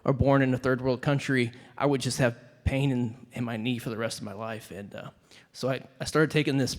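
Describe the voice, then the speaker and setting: A man tells an unscripted personal story at a conference, his mid-pitched voice echoing through a large hall. He hesitates often and sounds moved as he speaks. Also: fairly even intonation, brisk. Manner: hesitant, many "uh" fillers, emotional. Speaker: audience member sharing a story.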